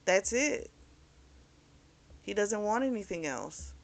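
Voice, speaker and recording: A woman's voice: medium pitch, very animated, slow pace, gravelly. A woman host recapping and reviewing a novel in a casual, candid, chatty way, with frank opinions. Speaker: book review channel host.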